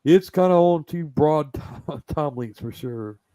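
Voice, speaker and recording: A man's voice: on the high side, expressive, measured pace, mellow, no echo. A man with a Southern American accent hosting a casual live-stream chat, rambling with lots of restarts. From Southern United States. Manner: rambling, chatty, many restarts. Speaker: host.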